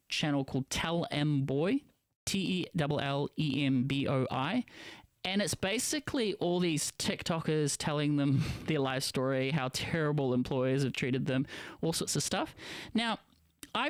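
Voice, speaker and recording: A man with a New Zealand accent rambles through a live internet radio show, breaking off and restarting his sentences. His voice sits a bit high for a man, and the sound is dry and close, with no room around it. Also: no echo. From Philippines. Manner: rambling, self-interrupting, conspiratorial. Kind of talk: casual live-stream monologue.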